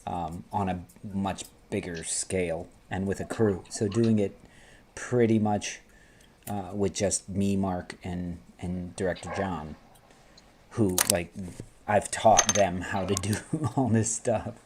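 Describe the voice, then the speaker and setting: A man's voice: low-pitched, steady tone, noisy background. A man hosting a casual sports fan show, bantering with friends, laughing and swearing freely. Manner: laughing, swearing, quick asides. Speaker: host.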